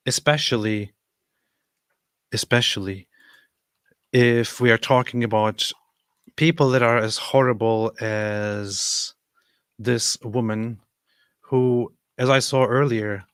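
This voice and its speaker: A man in a middle pitch hosts a reaction stream with a sarcastic, mocking edge, chuckling as he talks. His voice sounds close and dry, with no room around it. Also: steady tone, slow pace, clear, resonant tone, no echo. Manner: sarcastic, mocking, laughs through remarks. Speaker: commentary stream host. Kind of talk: casual reaction commentary.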